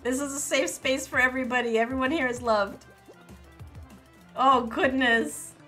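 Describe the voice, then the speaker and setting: Excitable high-voiced woman streaming a game. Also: quick pace, soft background music. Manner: excitable, giggly, lots of exclamations. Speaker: streamer playing with viewers. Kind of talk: casual live gaming commentary.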